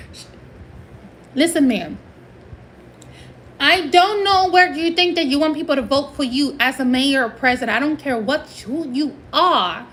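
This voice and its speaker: A woman's voice: sits high, a bit bright, low-quality recording. A woman from Puerto Rico ranting emphatically in a casual livestream, switching between English and Spanish.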